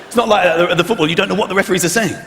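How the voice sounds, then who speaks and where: A man's voice: high-pitched, rapid-fire, noisy background. A man doing live stand-up comedy on a big stage, acting out characters with big swings in his voice. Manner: animated, acts out characters with big shifts in voice. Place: large theatre stage with a loud audience. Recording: echoey theatre hall, loud audience.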